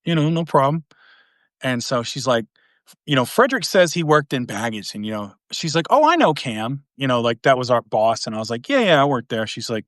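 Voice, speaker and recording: Here an East Tennessee podcaster in middle age talks a little fast, his voice medium in pitch, as he tells stories with gusto and imitates the people he quotes. There's no room sound, and the audio is studio quality.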